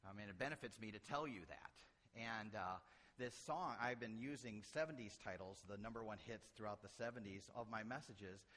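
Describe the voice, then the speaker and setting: A man's voice: fairly low pitch, moderate pace, sharp tone. A middle-aged man from Illinois, a pastor preaching a sermon with folksy, humorous stories. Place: church sanctuary. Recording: church hall reverb.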